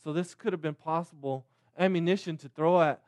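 A man in his thirties preaching a sermon as a pastor, with a halting delivery, frequent restarts, repeated words and tag questions. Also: fairly high pitch, a little mellow, dry recording.

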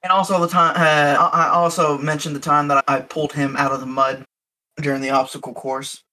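A man's voice: on the high side, little pitch movement, brisk, bright, forceful tone, low-quality recording. A man playing a tabletop role-play character, describing his character's actions in the first person in an earnest, reflective way. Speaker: player.

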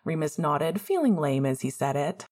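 A woman reads a story aloud in a calm, measured way. Her voice sits low and has a breathy, husky edge. She tells it plainly, like a home audiobook reader. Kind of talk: reading fan fiction aloud.

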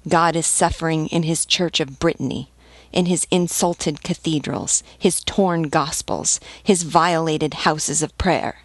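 A woman's voice: low-pitched, steady tone, unhurried, dry recording. A woman reading as a stern elderly nobleman who speaks serenely and persuasively. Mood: solemn. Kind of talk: audiobook reading.

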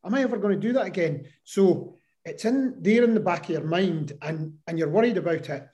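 A man as an interview guest, telling a personal story in an animated way and acting out the voices he quotes. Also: high-pitched, fairly quick.

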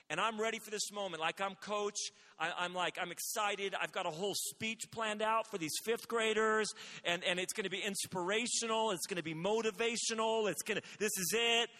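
A man in his forties preaching a sermon, telling stories with energy and rising to shouts at his high points. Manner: animated storytelling, rising to shouts. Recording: hall with long reverb.

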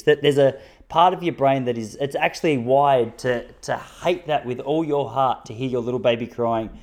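An Australian man in his thirties doing stand-up, his storytelling wry and self-mocking. He talks in punchy bursts and jumps his voice up high whenever he quotes someone, then drops back to a level, mid-pitched tone. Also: a little mellow. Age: 30s. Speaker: stand-up comedian.

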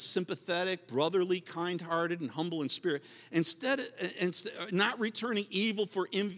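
Male pastor, emphatic sermon delivery, high bright voice, reverberant hall. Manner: emphatic, repetitive preaching with restarts.

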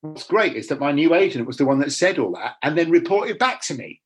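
A man's voice: a little high, animated, fairly quick, slightly rough. A middle-aged man, an actor talking bluntly and animatedly in a casual interview, often restarting his sentences.

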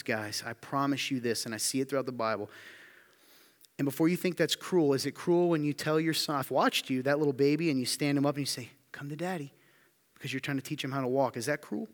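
A man preaching a sermon to his congregation, talking in an earnest, conversational way that rises to emphatic. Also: medium pitch. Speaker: pastor. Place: church sanctuary. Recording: music playing underneath.

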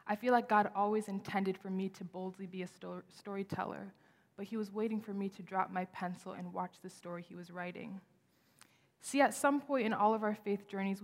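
A young woman giving an earnest, expressive sermon at a worship service, her voice lifting for emphasis. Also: medium pitch. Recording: long reverb of a large hall.

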